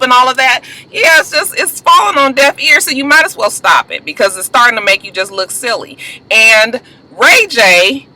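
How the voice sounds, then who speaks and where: A woman's voice: sits high, expressive, normal speed, bright, forceful tone, poor audio. A woman recapping a reality TV reunion in a casual gossip vlog, blunt, profane and exasperated.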